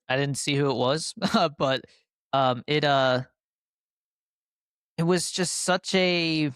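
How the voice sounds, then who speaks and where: Here a young adult man, co-hosting a podcast, gushes about his favorite films in a loose, rambling chat full of fillers. The voice sits at medium pitch with a fairly bright, clean tone, captured dry and at studio quality.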